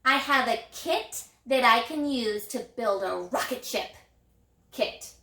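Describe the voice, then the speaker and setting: Slow, sing-song teacher woman. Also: fairly high pitch, lively intonation, pushed and bright, roomy sound. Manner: slow, sing-song, encouraging, sounds out letters. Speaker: elementary reading teacher. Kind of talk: recorded phonics lesson for young children.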